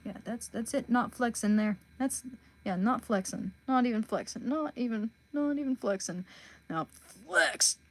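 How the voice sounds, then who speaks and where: A woman's voice: on the high side, normal speed, a little mellow. Blunt, chatty woman streamer. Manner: blunt, chatty, talks straight to viewers. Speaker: livestream host. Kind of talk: casual livestream chat.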